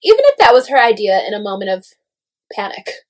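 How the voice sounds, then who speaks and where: A young woman in casual gossip chat, animated and full of "like" fillers, swearing freely. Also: medium pitch, a little fast.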